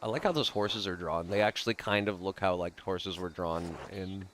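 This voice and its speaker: A man's voice: sits low, normal speed, fairly bright tone, slight background noise. A man casually commenting while playing a video game, joking, swearing and laughing often. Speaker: gaming streamer. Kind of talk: casual let's-play commentary.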